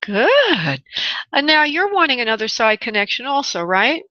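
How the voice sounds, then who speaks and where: A woman hosting a call-in radio show as a spirit medium. She talks in a halting, searching way with many restarts and calls her callers honey and love. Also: fairly high pitch, sing-song, bright, forceful tone, no echo, lo-fi sound.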